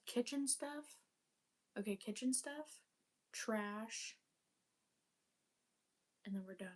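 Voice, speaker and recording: A woman's voice: fairly high pitch, very slow, long pauses, breathy edge. A young woman chatting casually while cleaning her apartment, rambling with lots of fillers and casual swearing. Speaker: vlogger.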